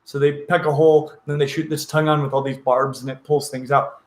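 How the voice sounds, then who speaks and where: A man's voice: fairly high pitch, little pitch movement, fast. Playful man in a roomy echo. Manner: playful, acts out animal voices. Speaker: host. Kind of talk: casual livestream chat.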